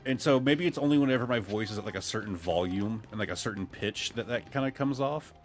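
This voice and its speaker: This Ohio gaming streamer talks quickly as he comments casually on his game over faint music. His pitch jumps lively up and down, and he bursts out excitedly when things go in his favor.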